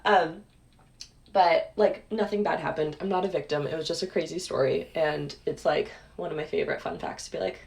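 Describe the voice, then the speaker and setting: A woman's voice: sits low, steady tone, brisk, creaky, a little mellow. A young woman casually telling a story, chatty, full of "like" and "um". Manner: chatty, lots of "like" and "um". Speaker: clip guest telling a story.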